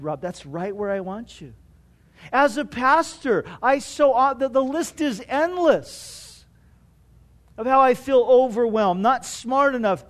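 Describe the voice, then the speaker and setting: A middle-aged man preaching a sermon as pastor, conversational and self-deprecating, often saying "you know". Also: very high voice.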